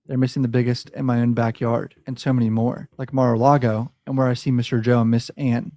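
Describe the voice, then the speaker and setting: A man reading out text on a live reaction stream, now and then cutting in with shocked asides. His tone is dark and mellow, and the sound is close and dry. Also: medium pitch, a little fast, no echo. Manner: reads flatly, breaks off with shocked asides. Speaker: host reading and reacting to documents.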